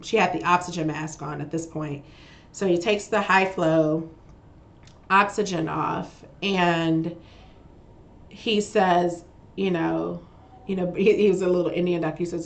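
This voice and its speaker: A woman speaking as a guest on a podcast, pouring out a heartfelt personal story. She laughs often between phrases and keeps restarting words as she reflects. Her talk is loose and conversational. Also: on the low side. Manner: frequent laughter while talking; repeats and restarts words, stumbling over phrases. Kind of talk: conversational interview.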